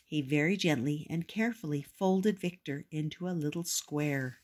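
An older woman reading a children's picture book aloud, gentle and expressive. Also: sits low, moderate pace, a little hiss or hum. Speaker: storyteller.

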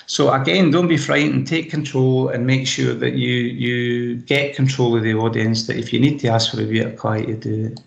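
Chatty Scottish man with a gravelly voice. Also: medium pitch, level tone, moderate pace, few pauses, roomy sound. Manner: chatty, practical and anecdotal. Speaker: presentation skills trainer. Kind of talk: online training session. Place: home room. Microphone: laptop microphone on a video call.

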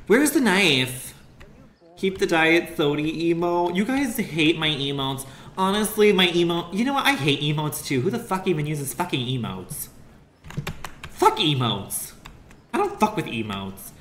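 A man's voice: a little high, sing-song, moderate pace, fairly bright tone. A young adult man doing casual, crude, rambling commentary while streaming a game. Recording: roomy echo with faint ambient noise.

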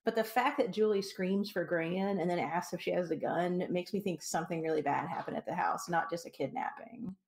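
A woman co-hosting a podcast, jumping in with quick, emphatic points about a story. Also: on the low side, fairly even intonation, darkish tone. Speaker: podcast co-host. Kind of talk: casual book discussion.

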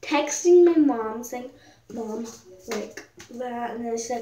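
A teenage girl tells a story in a casual vlog, rambling along with lots of fillers and small jokes. Her voice is a little high and dark in tone, delivered at a measured pace. The echoey room puts her a bit off-mic and distant, with slight background noise.

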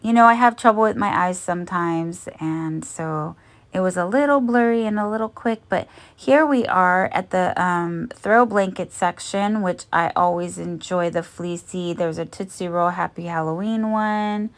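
A woman narrating a shopping haul as a vlogger, chatty and gentle, cooing over cute finds. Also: fairly low pitch, moderate pace.

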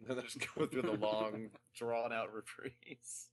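A man who plays in a band, a guest on a podcast, talking in a casual, animated way with frequent laughs. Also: medium pitch, a little hiss or hum. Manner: animated, laughing, quick asides.

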